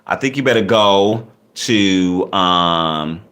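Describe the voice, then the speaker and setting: A man with a low voice speaks slowly yet with a lively, animated delivery while hosting a casual livestream. He reads viewers' chat comments aloud and riffs on them, laughing, teasing and playful.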